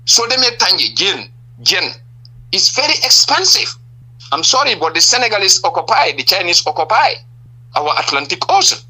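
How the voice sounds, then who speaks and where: A man's voice: high voice, big pitch swings, moderate pace, pushed and bright, husky, low-quality recording. A man with a Gambian accent, a political party leader giving impassioned answers in a radio interview, stressing point after point and firing rhetorical questions.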